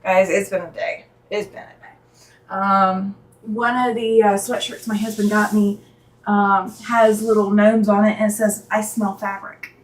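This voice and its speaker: A middle-aged woman chatting casually on a live stream as she lays out quilt blocks in her sewing room, reading viewer comments aloud and thinking out loud as she works. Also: mid-range voice, level tone, a little slow, rough recording. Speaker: quilting channel host.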